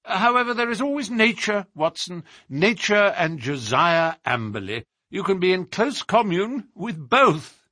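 A man voicing a stern, commanding male detective with a husky, emphatic delivery. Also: high voice, very animated, measured pace, sharp tone, dry recording, studio quality, pitched above the performer's own voice, exaggerated voice. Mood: wry. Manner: emphatic, incisive.

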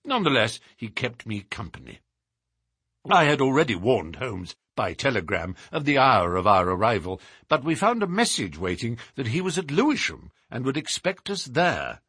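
A man narrating a story aloud in a measured, expressive reading. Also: medium pitch, husky, no echo, clean studio sound. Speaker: audiobook reader. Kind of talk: scripted narration.

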